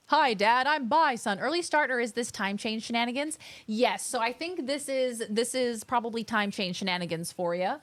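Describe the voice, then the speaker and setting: Excitable woman streamer, high voice. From Australia. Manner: excitable, gushing, chatty with viewers. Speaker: game streamer. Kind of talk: casual live-stream chat.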